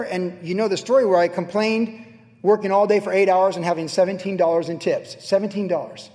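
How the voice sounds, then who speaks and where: A man's voice: high-pitched, a little mellow. A middle-aged male pastor preaching a sermon, telling stories animatedly and repeating phrases for emphasis. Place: church sanctuary. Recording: reverberant church hall.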